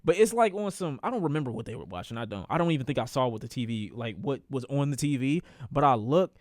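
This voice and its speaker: A young man, a streamer, telling a personal story in a casual, animated way, swearing freely and repeating phrases for emphasis. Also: medium pitch, fast talker, no echo, clean studio sound.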